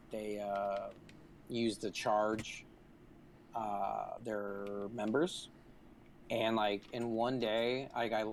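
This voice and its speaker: A man with a fairly low voice hosts a gaming video, chatting casually while he plays and rambling through a long, profane anecdote. There's a little hiss or hum in the audio.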